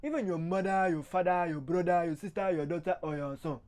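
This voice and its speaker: Male comic as a threatening strongman leader, slow and booming, high. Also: darkish tone, lightly acted. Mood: menacing.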